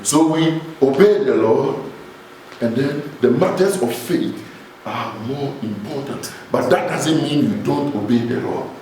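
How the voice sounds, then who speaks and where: A man's voice: mid-range voice, expressive, a little slow, crowd noise. A man with a Ghanaian accent, a pastor preaching an emphatic sermon and calling out questions to his congregation. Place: church hall. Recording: echoey church hall, voice from far off the mic.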